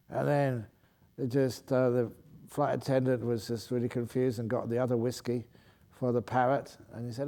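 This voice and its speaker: A man's voice: medium pitch, fairly even intonation, moderate pace, a little mellow. A man, a Buddhist monk, telling a joke during a talk in a playful way, laughing at his own story and stopping to fix it. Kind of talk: humorous dharma talk with a joke.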